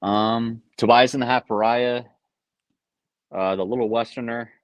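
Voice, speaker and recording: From a basement room in his home, a young male streamer reads chat questions aloud and responds offhandedly, with frequent ums and uhs. His medium-pitched voice has fairly even intonation and a measured pace, recorded with no room sound in dull lo-fi quality.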